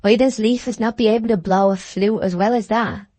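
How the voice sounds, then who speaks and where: A woman's voice: medium pitch, fairly even intonation, fairly quick, warm tone, no room sound, voice pushed up, lightly acted. Woman reading as a bland young countryman. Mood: admiring. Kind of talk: audiobook character reading.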